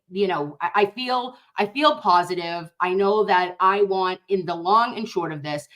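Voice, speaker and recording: Animated woman reacting to news clips. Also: medium pitch. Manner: animated and emphatic, talks straight to viewers. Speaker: commentary host. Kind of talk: casual reaction commentary.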